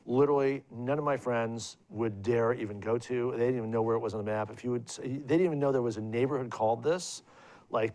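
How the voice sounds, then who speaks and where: A middle-aged guest filmmaker on stage at a live student event rambles through digressive career anecdotes, full of fillers and restarts. His voice is medium-pitched and a little mellow.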